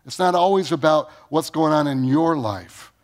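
A man preaching a sermon. He reads scripture aloud, asks the congregation questions, and swings from booming rises to low, quiet lines. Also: normal speed. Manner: preaching with sudden rises in pitch and volume, then dropping low. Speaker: pastor.

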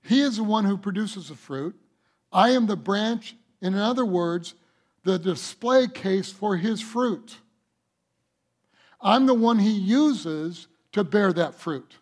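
A man's voice: sits high, animated, slow. A male pastor preaching a sermon, emphatic, with rhetorical questions to the congregation.

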